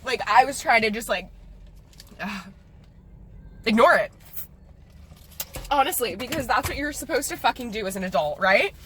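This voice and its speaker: A woman's voice: on the high side, lively intonation, normal speed, pauses often, a bit bright, a little hiss or hum. A young woman in her twenties venting on a vlog, angry and profane while holding back tears. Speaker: vlogger. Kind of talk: emotional vlog rant.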